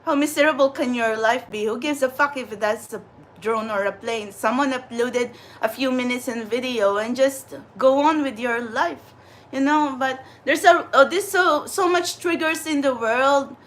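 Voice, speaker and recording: A woman talking casually in a rambling vlog, chatty and animated, with lots of fillers and laughter. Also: high voice, normal speed. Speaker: vlogger and spiritual channeler. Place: New York City area.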